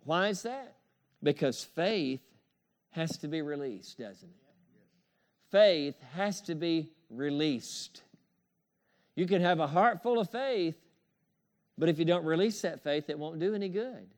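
Male pastor, high voice, emphatic preaching with repeated amens and soft chuckles. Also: animated, measured pace, pauses often. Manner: emphatic, repetitive call-and-response preaching with chuckles. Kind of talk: sermon.

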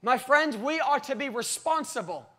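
A man preaching a sermon to his church, telling a story and reading scripture, his voice climbing to loud, drawn-out cries and then dropping low and quiet. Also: expressive.

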